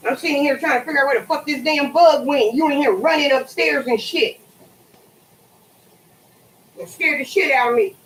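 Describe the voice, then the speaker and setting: Animated, profane woman cooking at home. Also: high-pitched, moderate pace, long pauses, echoey room, rough recording. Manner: animated, profane, swears freely. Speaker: cooking vlogger. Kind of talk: casual chat while cooking. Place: home kitchen at the sink.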